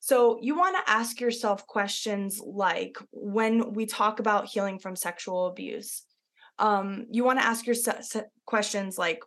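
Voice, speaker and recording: A woman's voice: medium pitch, measured pace, a bit bright. Earnest woman podcast host. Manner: earnest, encouraging, personal. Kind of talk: casual podcast talk.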